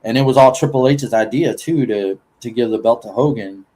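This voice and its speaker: A man's voice: mid-range voice, a little fast, dark tone. Rambling, foul-mouthed man chatting. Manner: rambling, profane, laughs often. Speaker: podcast host. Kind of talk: casual chat.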